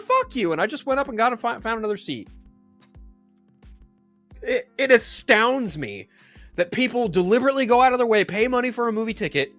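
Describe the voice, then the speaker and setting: Profane ranting man, high and lively. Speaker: commentary show host. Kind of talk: ranting commentary.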